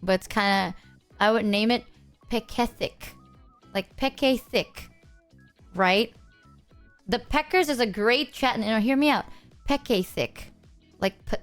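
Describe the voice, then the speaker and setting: Teasing, higher-voiced woman streamer. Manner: teasing, joking, self-mocking. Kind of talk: casual live-stream chat.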